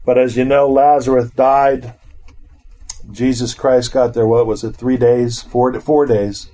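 A middle-aged man leads a relaxed Bible study. He reads scripture aloud, then breaks off to talk it over with his listeners in an easy, chatty way. His voice sits at an ordinary middle pitch. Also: unhurried. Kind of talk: informal Bible teaching.

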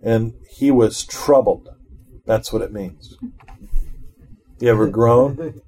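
A middle-aged man with an ordinary mid-range voice leads a relaxed Bible study, reading scripture aloud before pausing to discuss it with listeners in a chatty, easygoing way. He speaks slowly, and there's slight background noise.

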